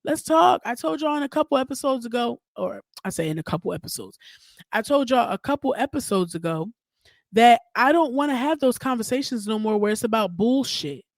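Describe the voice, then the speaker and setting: A woman hosting her own podcast, ranting in a casual, profane, animated way straight to her listeners. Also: a little high, fairly quick, dry recording, clean studio sound. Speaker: podcast host. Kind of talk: casual solo podcast rant.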